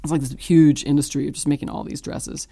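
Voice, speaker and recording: Low, dark and creaky, this woman's voice moves briskly with a flat delivery. She is a fifty-something artist from the American South, chatting casually in an interview and wandering through her points with lots of fillers and false starts.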